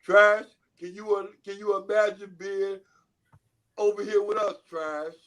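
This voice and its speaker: A man with a notably high voice, joining remotely over a call. He heckles and teases over and over in casual trash-talking banter, pushing the same jab again and again. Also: fairly even intonation, measured pace, fairly bright tone. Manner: teasing, repetitive heckling. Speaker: call-in guest.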